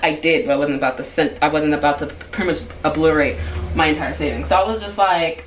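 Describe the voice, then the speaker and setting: A woman telling a story on her vlog in a casual, animated way, full of "like" and "um" fillers. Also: fast. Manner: animated, rising to high-pitched outbursts when retelling anger; frequent "like" and "um" fillers. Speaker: vlogger. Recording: roomy echo, distant mic, faint background hiss.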